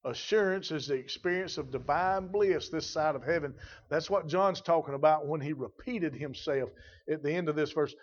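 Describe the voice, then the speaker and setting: Male preacher, fairly high voice, emphatic sermon delivery with slow stressed readings, muffled lo-fi sound. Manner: emphatic preaching, slows to stress scripture, repeats phrases.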